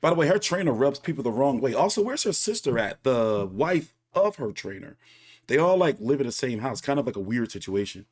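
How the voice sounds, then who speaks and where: A man's voice: medium pitch, big pitch swings, brisk, darkish tone. A man hosting a boxing channel, giving casual, opinionated reaction commentary with many fillers and restarts.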